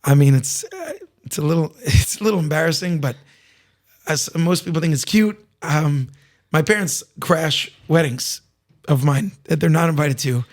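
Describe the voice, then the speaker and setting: A man with a slightly raspy voice, a singer talking candidly as a podcast guest, reflective and full of restarts. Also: on the high side, normal speed. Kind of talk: casual interview conversation.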